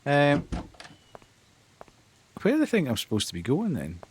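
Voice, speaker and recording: A man's voice: a little high, huge pitch swings, a little slow, slight background noise. A Scottish man streaming a horror game live, reacting with frequent laughs and startled exclamations.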